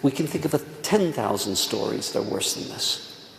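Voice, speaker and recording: A man's voice: mid-range voice, expressive, normal speed, creaky. A middle-aged man, a rabbi giving a Tisha B'Av sermon, telling stories earnestly and repeating words for emphasis. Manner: earnest storytelling, repeats words for emphasis, drops to near whisper. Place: synagogue hall. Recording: echoey hall, faint room noise.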